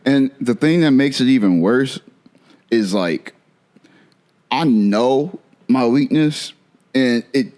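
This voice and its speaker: A young man talks casually on a podcast, relaxed and slangy. His pitch swings up and down a lot. He laughs often as he chats. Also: slow pace, pauses often. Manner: laid-back, slangy, laughs easily. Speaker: podcast co-host. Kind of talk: casual chat.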